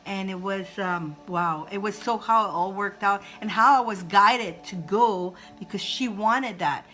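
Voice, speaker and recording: Bright-voiced, effusive woman reader. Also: medium pitch. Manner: emotional and effusive, laughs often, talks straight to viewers. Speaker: spiritual reader, live-stream host. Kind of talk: live-stream spiritual readings for viewers.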